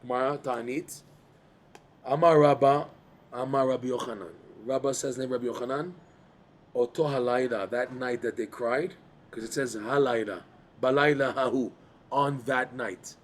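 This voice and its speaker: Animated man teaching a Torah class. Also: mid-range voice, normal speed. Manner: animated, repeats words, asks listeners to follow. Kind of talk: Torah class explaining texts.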